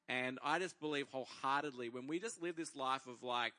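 A man in his thirties preaching, telling a personal faith story to a congregation as an animated storyteller who acts out his own inner dialogue. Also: medium pitch, brisk, hardly any pauses.

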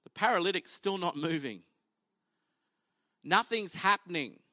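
A man's voice: high-pitched, expressive, a little slow, sharp tone, no room sound. A male pastor preaching a sermon in a conversational, humorous way, acting out the people in the story as he tells it.

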